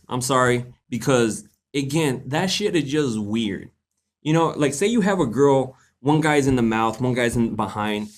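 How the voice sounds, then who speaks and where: A young man hosting a live question-and-answer stream, chatting casually in a laid-back, joking, slangy way and laughing often. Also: a little high. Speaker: livestream host answering viewer questions.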